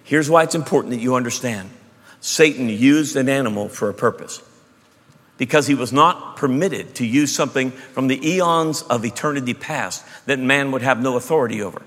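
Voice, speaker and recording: Pastor, man, mid-pitched, emphatic sermon delivery, booming hall echo. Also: normal speed. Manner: emphatic preacher, shifts between loud bursts and hushed asides. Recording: long hall reverb.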